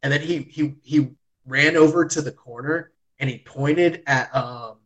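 Excitable man recapping in casual chat. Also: medium pitch, unhurried, rough recording. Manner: excitable storyteller, heavy use of "like", swears. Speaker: podcast host reviewing wrestling.

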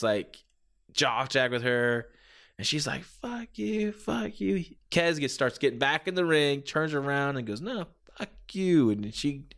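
A male podcast host talking through a review in a loose, rambling way, full of filler phrases and restarts. His voice sits at an average pitch for a man. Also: fairly bright tone. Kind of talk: casual commentary review.

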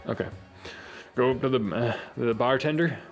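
A man narrating as game master of a tabletop game, lively and halting, with many fillers. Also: mid-range voice, soft background music.

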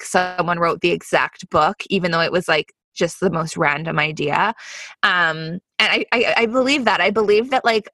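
A woman's voice: fairly low pitch, sharp tone, no echo. A young woman co-hosting a podcast, telling stories in a casual chat, peppered with "like". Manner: chatty storytelling, peppered with "like". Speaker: podcast co-host.

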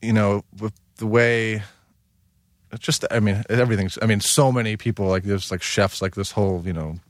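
A man's voice: on the low side, fairly even intonation, normal speed, no echo, clean studio sound. A man, a guest chef, talking in a casual podcast conversation, rambling with many fillers.

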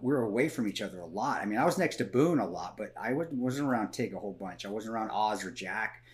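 A man's voice: fairly low pitch, lively intonation, fast talker. Rambling man telling stories. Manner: rambling, many restarts and repeated words; blunt, swears freely. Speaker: podcast guest. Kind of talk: casual conversational storytelling.

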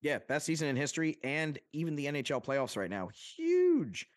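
A man's voice: a little high, fast talker, no echo, studio quality. A young man from Long Island co-hosting a casual podcast chat, talking animatedly, swearing and joking. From Long Island, New York. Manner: animated, swearing, jokey with fake accents. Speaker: podcast co-host.

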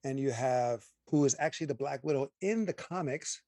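A man talking through a film review with a co-host, opinionated and emphatic. His voice sits at an ordinary pitch. The sound is dry and close, with no room around it. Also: moderate pace, no room sound. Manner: opinionated, emphatic, animated asides. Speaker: podcast co-host. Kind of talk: casual movie review chat.

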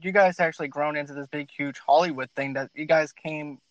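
An enthusiastic male host from Boston chats with his guests and is quick to agree. His voice is high for a man. The sound is dull and dry, with little room around it. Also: steady tone, no echo. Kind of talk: casual interview chat.

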